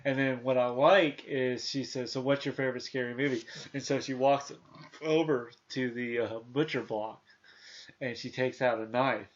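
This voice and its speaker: A man's voice: mid-range voice, fairly even intonation, a little slow, lo-fi sound. A man in his thirties hosting a casual movie review chat, rambling with many restarts and fillers. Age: 30s. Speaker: podcast host.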